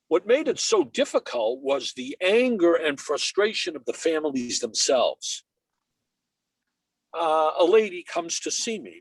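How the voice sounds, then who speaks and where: An older man with a Boston accent tells stories on a video call. His voice sits high and swings widely up and down, with punchy, clipped phrases. The sound is dry and close. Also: creaky, slightly rough, dry recording, rough recording. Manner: animated storyteller, punchy short phrases. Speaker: interview guest. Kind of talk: anecdotal storytelling.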